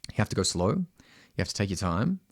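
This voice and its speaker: A middle-aged Australian man teaching singing, talking directly and often asking "right?", breaking into loud high sung demonstrations. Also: big pitch swings, quick pace, dry recording, clean studio sound.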